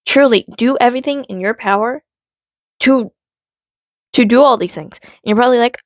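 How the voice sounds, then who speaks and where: A woman with a fairly high voice rants casually to her vlog camera. She rambles and swears freely, dropping to low mutters and then rising into loud, exasperated outbursts. The sound is dry and close, with no room echo. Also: normal speed, pauses often. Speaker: vlogger.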